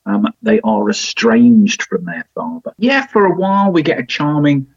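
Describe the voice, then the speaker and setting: Chatty guy doing a podcast tv review, lots of ums, lively up and down voice, dry dull-ish mic. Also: high voice, moderate pace, vocal fry, breathy edge, no room sound. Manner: chatty, frequent ums and restarts, wry asides. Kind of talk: casual review chat. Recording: dry, slightly dull home recording.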